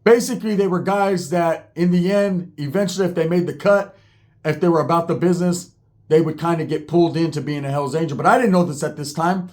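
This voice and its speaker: Profane animated storytelling man. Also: fairly high pitch, fairly quick. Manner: profane, animated, slangy, acts out quotes. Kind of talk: casual storytelling.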